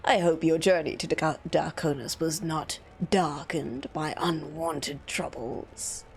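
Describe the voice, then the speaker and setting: A woman's voice: low-pitched, steady tone, measured pace, a little hiss or hum, voice pushed down. A woman doing a fawning villainous secretary. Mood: smooth. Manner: formal, courteous, fawning. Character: oily, overly polite male secretary, villain-coded.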